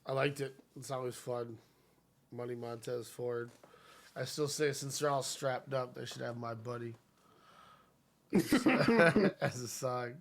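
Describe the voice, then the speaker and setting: A man's voice: medium pitch, takes it slowly, creaky, long pauses. A man hosting a podcast in casual chat, laughing often and joking with profanity. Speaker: podcast host.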